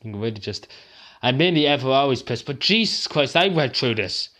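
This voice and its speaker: A man's voice: medium pitch, expressive, fairly quick, pushed and bright. An Irish man vents straight into the camera, worked up and swearing, circling back to the same words again and again. He sounds upset, near to tears, his voice strained and raw as he talks. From Ireland. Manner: agitated, swearing, repeats himself. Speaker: vlogger. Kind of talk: angry rant to camera.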